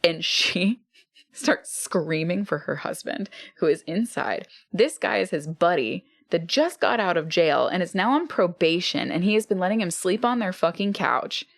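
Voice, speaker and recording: Co-host, female, low and gravelly; loose, profane, animated storyteller with a dry close sound. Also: moderate pace, no room sound. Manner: animated, profane, acts out what people said. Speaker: podcast co-host. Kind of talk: casual storytelling chat.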